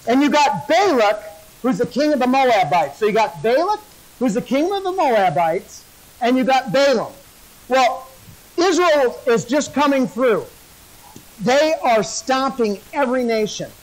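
A man's voice: very high-pitched, very animated, measured pace, poor audio. A male pastor preaching a sermon, folksy and joking as he tells a story.

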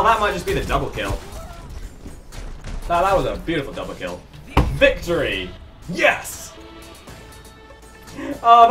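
A streamer giving excitable live commentary on a shooter game, yelping, swearing and laughing often. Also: mid-range voice, distant mic.

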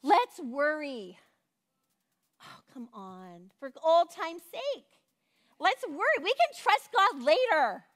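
A woman's voice: very high-pitched, very animated, takes it slowly, a bit bright, pitched above the performer's own voice, heavily acted. A woman voicing the flesh as a coaxing old woman who pleads and pushes to be indulged. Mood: wheedling. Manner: wheedling, pleading, pushy.

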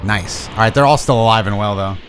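A young man streaming a video game, talking to himself in excitable, profane commentary. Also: lowish voice, a little fast, background noise. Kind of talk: casual gameplay commentary.

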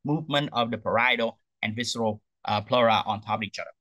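A man's voice: medium pitch, quick pace, no echo, low-quality recording. A man giving an anatomy lecture, tagging "okay?" onto points and asking rhetorical questions he answers himself. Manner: lively, repeats "okay?" to check understanding.

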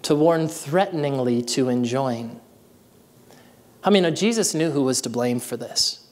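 A man's voice: mid-range voice, animated, normal speed, a little mellow, long reverb tail. A man preaching a sermon as pastor, reading scripture and then calling out to his congregation with building energy. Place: church sanctuary.

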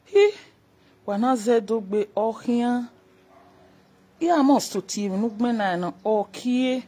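A woman's voice: a little high, takes it slowly, pauses often, mellow, breathy edge. A woman with a Nigerian Pidgin accent, casually chatting on a livestream, reading out viewer comments and laughing often. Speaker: livestream host.

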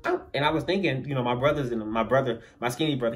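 A man telling a funny story in a storytime vlog, animated and acting out the voices of the people in it. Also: mid-range voice, quick pace, few pauses, faint music behind.

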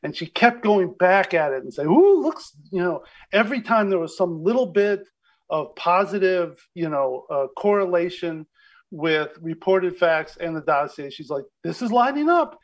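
A man's voice: high voice, moderate pace. A man, a guest on an interview show, speaking thoughtfully, hedging often and restarting his sentences. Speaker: guest media critic. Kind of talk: conversational interview.

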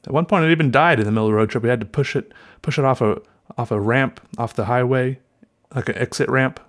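A man's voice: mid-range voice, fast. A young man chatting casually while drawing, rambling through a story and often correcting himself mid-sentence. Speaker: artist vlogger.

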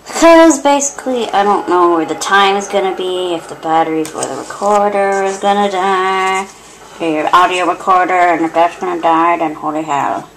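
A woman giving gameplay commentary through a cheap headset, excitable and giggly, swearing and muttering to herself. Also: fairly low pitch, normal speed, slight background noise. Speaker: let's play host.

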